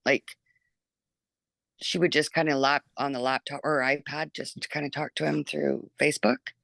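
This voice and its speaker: Woman, middle-aged, interview guest, chatty, animated, quotes people, dry close sound. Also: sits low, normal speed, gravelly, no echo. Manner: chatty and animated, full of 'like' and acted-out quotes. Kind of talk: emotional personal recollection.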